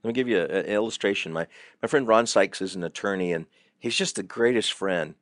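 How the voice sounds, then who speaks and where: A man's voice: lowish voice, brisk, no room sound, clean studio sound. A middle-aged man talking on a podcast as a guest counselor, telling stories with lots of repeated fillers. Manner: animated storytelling, frequent repeated fillers. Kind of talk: conversational podcast advice.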